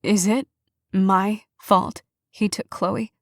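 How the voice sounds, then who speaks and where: Grieving aunt figure, soft and quavering, dry close read; a woman narrator does the part. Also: mid-range voice, fairly even intonation, moderate pace, no room sound, close to an everyday voice. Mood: tearful. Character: grieving middle-aged woman, sister's guardian. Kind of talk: audiobook character reading.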